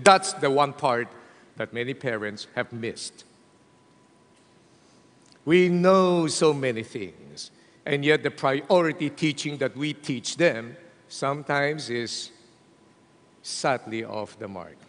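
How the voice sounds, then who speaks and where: A man preaching a sermon to a packed hall, with a Filipino accent, speaking in an animated, emphatic way. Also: mid-range voice, a little slow. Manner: animated preaching, mixing English and Tagalog, addressing the hall. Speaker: pastor. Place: large hall. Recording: long hall reverb.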